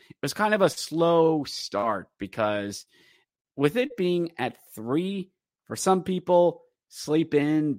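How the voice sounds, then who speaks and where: A man hosting a podcast, rambling casually with fillers through a game recap and slipping into excited play-by-play. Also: medium pitch, no echo, clean studio sound. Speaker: podcast host.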